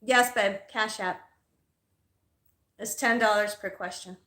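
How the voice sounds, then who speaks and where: A woman's voice: medium pitch, fairly even intonation, slow pace, bright, forceful tone. A woman hosting a casual livestream as a psychic reader, telling stories in a heated, profane way and sounding tired. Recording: echoey room.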